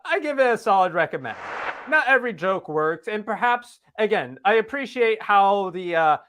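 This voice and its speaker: Lively high-voiced man reviewing films. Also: moderate pace. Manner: animated, acts out lines from films. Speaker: panelist. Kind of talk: casual film review chat.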